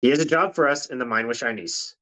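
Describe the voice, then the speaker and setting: A man playing a tabletop game, describing his character's actions in a playful, deadpan way. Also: mid-range voice, fast talker, low-quality recording. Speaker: player. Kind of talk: casual tabletop play.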